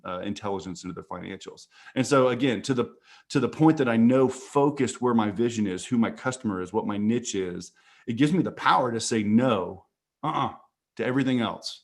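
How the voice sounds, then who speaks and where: A man's voice: mid-range voice, fairly quick, darkish tone. A man speaking as a guest on a casual panel call, earnest and repeating words as he thinks.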